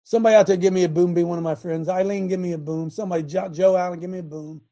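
A man's voice: high-pitched, flat delivery, quick pace, warm tone. An older man preaching a sermon in a fiery way, firing rhetorical questions at his congregation.

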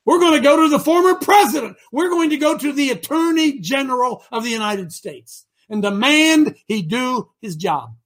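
Male talk host, high husky voice, rousing preacher-like delivery. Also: animated, moderate pace, few pauses. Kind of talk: fiery live talk show.

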